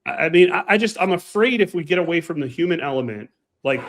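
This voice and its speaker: Animated man telling pilot stories. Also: on the high side, quick pace. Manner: animated, emphatic anecdotes. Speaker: podcast co-host and pilot. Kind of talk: casual chat, storytelling.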